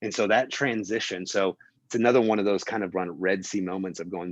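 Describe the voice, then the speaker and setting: This low-voiced man, a film producer appearing as an interview guest, speaks a little fast while recounting a behind-the-scenes story. He's an animated storyteller who acts out people's lines, with plenty of fillers and restarts. The recording is dry, with the highs cut off.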